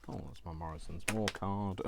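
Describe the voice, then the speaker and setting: Male crafting vlogger, low-pitched, rambling self-talk while sorting supplies, faint background hiss. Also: moderate pace, gravelly. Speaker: crafting channel host. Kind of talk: casual crafting vlog chat.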